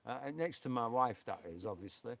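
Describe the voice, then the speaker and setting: A man's voice: medium pitch, expressive, a little fast, vocal fry, fairly bright tone. A man with a Yorkshire accent co-hosting a live stream, rambling and chatty with lots of fillers. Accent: Yorkshire English. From England.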